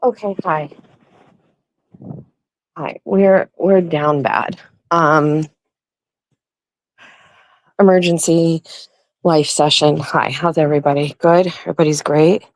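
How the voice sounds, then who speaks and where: A woman's voice: low voice, fairly even intonation, takes it slowly, pauses often, no echo, poor audio. A young woman hosting a casual livestream, chatting in a rambling, apologetic way with lots of fillers. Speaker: host.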